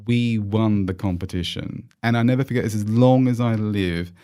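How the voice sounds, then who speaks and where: Low-voiced Australian man telling stories. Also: normal speed, few pauses. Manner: animated, encouraging, with many fillers and restarts. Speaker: guest. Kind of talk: casual storytelling interview.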